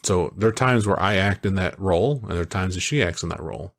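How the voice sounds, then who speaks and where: A man co-hosting a podcast, talking in a casual, animated way that wanders through stories. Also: low-pitched, quick pace, gravelly. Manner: animated, storytelling, digressive. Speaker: podcast co-host. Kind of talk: casual chat.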